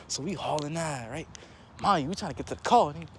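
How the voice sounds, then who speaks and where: A young man telling a casual story in a slangy, animated way, jumping into higher voices for quotes. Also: fast, slight background noise.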